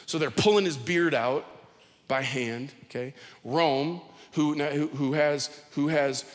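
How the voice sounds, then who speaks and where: A man preaching a sermon with a fairly high voice, talking casually and restarting his phrases as he goes. His words carry a long hall reverb. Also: takes it slowly. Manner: conversational preaching, repeats words, acts out quotes. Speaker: pastor.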